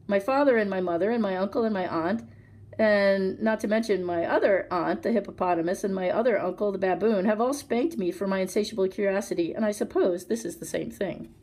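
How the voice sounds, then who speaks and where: A woman's voice: medium pitch, fairly quick, darkish tone, lightly acted. A woman voicing a curious, very polite young male elephant calf in a storytime read-aloud. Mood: politely curious. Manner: very polite, eager.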